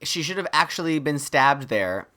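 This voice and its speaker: A man's voice: a little high, normal speed. A man co-hosting a podcast, recapping a horror movie in casual chat and acting out the characters' lines. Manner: animated retelling, quotes characters in mock voices. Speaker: podcast co-host.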